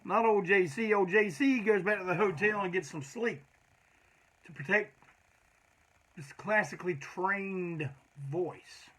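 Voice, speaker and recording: Middle-aged punk frontman, raspy and punchy, slightly high voice, loose profane anecdotes. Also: normal speed, sharp tone. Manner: rambling, profane, peppered with "man". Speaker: punk band singer telling road stories. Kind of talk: casual storytelling monologue.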